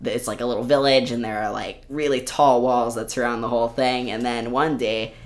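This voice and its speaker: A man's voice: mid-range voice, fairly even intonation, fairly quick. Male podcast co-host, loose rambly delivery, casual chat. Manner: rambling, lots of filler words. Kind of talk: casual chat about anime.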